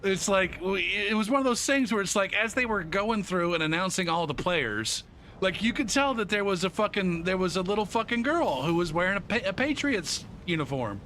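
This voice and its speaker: A man's voice: high voice, normal speed, slight background noise. A man streaming a game live, telling a story with lots of swearing and laughter. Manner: profane, animated, laughs often. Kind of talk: live gameplay commentary and storytelling.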